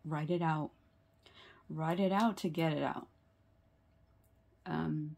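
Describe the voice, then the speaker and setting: Low, gravelly-voiced tarot reader woman. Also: fairly even intonation, slow, long pauses, darkish tone. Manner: earnest and sympathetic, many fillers and rhetorical "right?". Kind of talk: tarot reading video.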